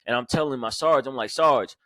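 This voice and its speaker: A male police corporal recounts his own story as a podcast guest. He speaks at a middling pitch and goes haltingly, stacking fillers and restarts. The sound is dry and close, with no room echo. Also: fairly bright tone. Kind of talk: personal storytelling in an interview.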